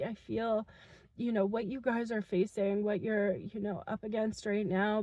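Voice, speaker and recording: An earnest young woman channels a heartfelt spiritual message to her viewers, soft-spoken and full of fillers. Her pitch stays fairly even, and the sound is dry and close. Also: no echo, dull audio. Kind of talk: intuitive message reading to viewers.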